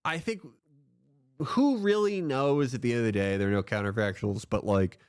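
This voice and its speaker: A man's voice: mid-range voice, normal speed, clean tone, dry recording. A man co-hosting a stream, chatting casually and sarcastically with rambling restarts. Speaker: stream co-host. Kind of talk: casual comedic chat.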